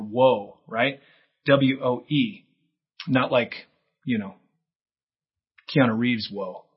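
A man preaches a sermon in a husky, slightly raised voice. He is earnest and emphatic, pushing his words upward to stress a point. The recording sounds somewhat muffled. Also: on the high side. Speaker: pastor.

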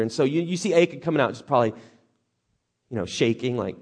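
Animated, jokey male preacher. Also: medium pitch, fast talker, pauses often, breathy edge. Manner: animated, jokey, acts out characters. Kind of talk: storytelling sermon.

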